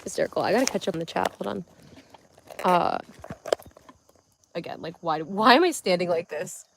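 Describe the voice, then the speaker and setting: A woman's voice: on the low side, animated, moderate pace, vocal fry, noisy background. A young woman hosting a casual livestream, rambling and giggly, full of filler words as she talks to her viewers at home. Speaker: livestream host.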